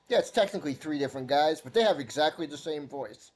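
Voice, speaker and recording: A man streaming a video game, tossing out wry, chatty asides between lines of dialogue. His voice sits a touch high and husky, with lively swings in pitch. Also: fast, hardly any pauses. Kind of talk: let's-play commentary.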